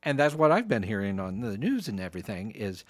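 A man's voice: lowish voice, big pitch swings, a little fast, no room sound, clean studio sound. A man co-hosting a podcast, chatting casually and teasing his co-host. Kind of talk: casual chat.

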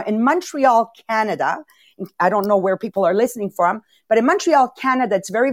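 A woman's voice: a little high, dry recording. A woman in her fifties hosting a motivational podcast over a video call, chatty, bubbly and upbeat. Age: 50s. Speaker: host. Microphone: video call mic.

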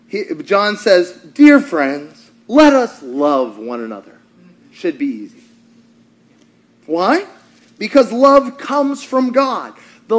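Male pastor, high voice, animated sermon delivery that jumps from shouting to near-hush, preached in a church. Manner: animated, swings between shouting and hushed.

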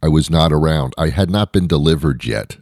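Very deep-voiced rambling male podcast host. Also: animated, a little fast, darkish tone, no echo, clean studio sound. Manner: meandering, self-deprecating, lots of fillers and restarts. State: out of breath. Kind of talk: rambling comedic monologue.

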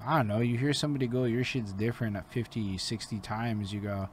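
A man hosting a casual interview, talking loosely with lots of swearing and rising excitedly at times. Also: medium pitch, fast, slight background noise. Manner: loose and profane, voice rises when animated. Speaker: host and interviewer. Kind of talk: casual podcast chat.

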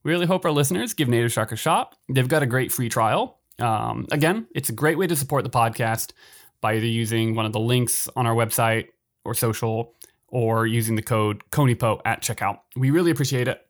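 A relaxed man co-hosting a podcast, chatting casually and a little self-deprecatingly. His voice sits in a middle pitch and he rambles easily from thought to thought. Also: a little fast. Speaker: podcast co-host. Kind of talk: casual bilingual podcast chat.

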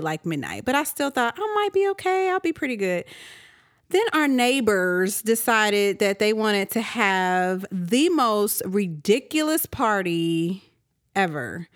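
Tired, animated woman podcast host. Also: fairly low pitch, no echo, studio quality. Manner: animated storytelling, acting out her own reactions. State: tired, half awake. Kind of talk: casual ranting monologue.

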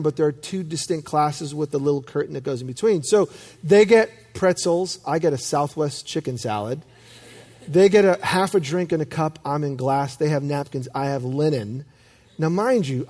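A man preaching a sermon as pastor, telling stories with self-deprecating humor and lively emphasis. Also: a little high.

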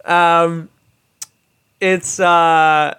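A young man hosting a podcast, telling a story in a casual, profane, animated way and laughing as he goes. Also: fairly high pitch, extremely slow, smooth. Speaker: podcast host. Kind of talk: casual monologue.

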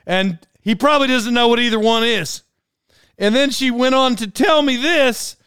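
Smooth-voiced man telling rambling stories. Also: very high-pitched, moderate pace, no room sound, studio quality. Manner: rambling, animated, laughs at his own story. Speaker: podcast host. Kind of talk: casual storytelling monologue.

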